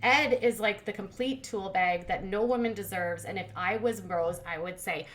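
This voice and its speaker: An adult woman hosting a commentary channel, recapping a reality show in a quick, sarcastic, casual way. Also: medium pitch, a bit bright, slight background noise. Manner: fast-talking, sarcastic.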